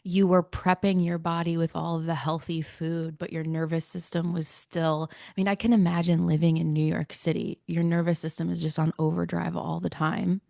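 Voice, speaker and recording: A woman's voice: lowish voice, flat delivery, moderate pace, gravelly, hardly any pauses, darkish tone, no echo, clean studio sound. A woman hosting a podcast interview, speaking in a thoughtful, empathetic way. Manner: thoughtful, empathetic, relating to her own experience. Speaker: podcast host. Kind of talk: casual interview chat.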